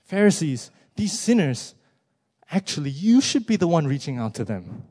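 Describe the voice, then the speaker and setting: Guy preaching a sermon, middle pitch, goes quiet then loud, lots of rhetorical questions. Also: big pitch swings, moderate pace. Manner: swings from hushed to loud rising emphasis; asks many rhetorical questions.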